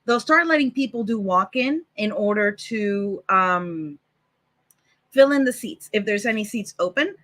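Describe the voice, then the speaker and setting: A woman's voice: mid-range voice, lively intonation, unhurried, a bit bright. A woman hosting a casual live developer show over a video call, chatty and upbeat. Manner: upbeat, chatty, laughs easily. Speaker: host and product manager.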